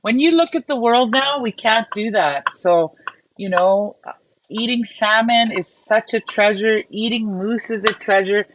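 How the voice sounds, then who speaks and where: A woman's voice: a little high, a little slow, noisy background. Chatty woman hosting a cooking stream. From Canada. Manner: chatty, greets viewers by name while cooking. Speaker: cooking show host. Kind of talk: casual livestream cooking chat.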